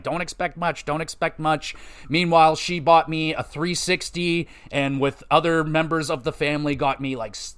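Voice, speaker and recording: A young man hosting a solo gaming podcast, talking loosely and excitably with a lot of swearing. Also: medium pitch. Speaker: podcast host. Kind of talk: casual solo podcast talk.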